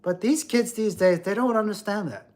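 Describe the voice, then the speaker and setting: A man's voice: high-pitched, moderate pace, darkish tone. A middle-aged man ranting profanely and lecturing on a livestream. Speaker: livestream host. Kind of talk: livestream rant.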